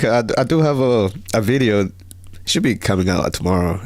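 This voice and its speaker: A man's voice: medium pitch, a little fast, darkish tone, no echo. A young man hosting a casual livestream, rambling and repeating himself as he reads viewer comments aloud. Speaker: livestream host.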